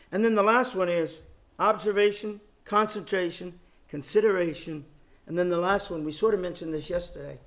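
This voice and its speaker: A middle-aged man giving a Bible lecture, speaking in a measured way and repeating key phrases for emphasis. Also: sits high. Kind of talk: sermon.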